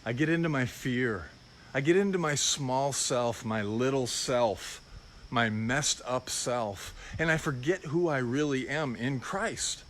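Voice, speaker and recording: A man's voice: medium pitch, takes it slowly, fairly bright tone, a little hiss or hum. Reflective middle-aged male preacher. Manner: reflective, personal and confessional. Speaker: pastor. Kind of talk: informal sermon.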